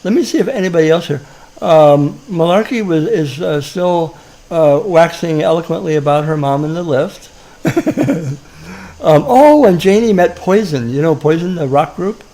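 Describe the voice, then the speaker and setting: A man's voice: on the high side, animated, moderate pace, mellow. A man rambling through a chat, chuckling as he reads off stories. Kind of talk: casual chat.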